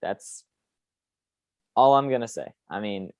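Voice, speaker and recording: Brief: young male podcast host, low voice, dry close mic, opinionated, rambling. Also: lively intonation, slow pace, vocal fry, no echo. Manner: opinionated, rambling with frequent fillers. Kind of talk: casual sports podcast chat.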